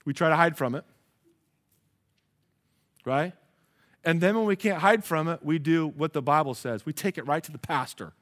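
A man with a somewhat high voice delivers a sermon as a pastor. He drops into quiet, low asides, then rises to loud, emphatic declarations, and he calls out questions for the congregation to answer. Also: moderate pace, pauses often.

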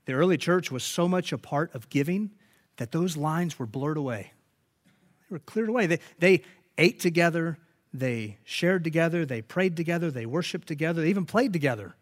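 A man's voice: a little high, expressive, moderate pace. A man preaching a sermon, telling stories and rising to emphatic peaks. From United States. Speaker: pastor.

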